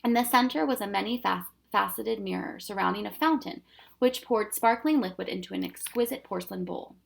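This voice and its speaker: A woman reading a children's novel aloud with steady, expressive storytelling. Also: medium pitch, moderate pace, creaky. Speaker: storybook reader.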